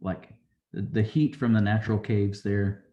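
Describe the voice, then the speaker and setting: A man's voice: lowish voice, steady tone, normal speed, muffled recording. A man casually recapping a show episode, rambling along and acting out quotes from the characters. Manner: rambling, loose retelling with acted-out quotes. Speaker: show reviewer.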